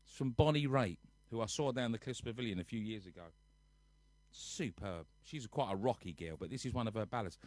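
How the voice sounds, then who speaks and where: A man's voice: fairly low pitch, fairly quick, a little mellow, no room sound. Chatty man greeting viewers. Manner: chatty, jokey, reads out viewers' names one by one. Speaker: singer hosting a nightly livestream. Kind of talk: casual livestream chat greeting viewers. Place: at home on a sofa.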